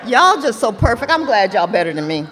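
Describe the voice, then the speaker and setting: A woman's voice: a little high, sing-song, fairly quick, crowd noise. Brief: passionate middle-aged woman giving her testimony, joking and preachy, in a reverberant meeting hall. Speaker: speaker at a recovery meeting. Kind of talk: personal testimony with comedic asides. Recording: echoey hall, faint ambient noise.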